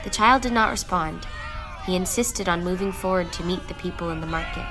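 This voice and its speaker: A woman telling a dark fable as a storyteller, in measured, steady scripted narration. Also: lowish voice. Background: music.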